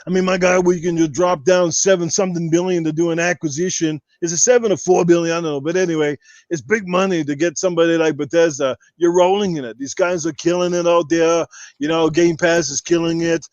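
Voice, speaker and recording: Joking around as a podcast guest, a man plays a boastful adult Austrian bodybuilder in a comedic impression, brash and rambling with plenty of trash talk. His slightly high voice is brisk and fairly even in intonation, close to an everyday voice. The audio is dull but has no echo.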